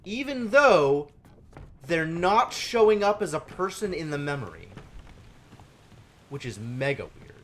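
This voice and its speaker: Lively man muttering through a puzzle game. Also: on the high side, a little slow, pauses often, slight background noise. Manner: thinking aloud, muttering and counting to himself. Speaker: game streamer. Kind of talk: live gameplay commentary.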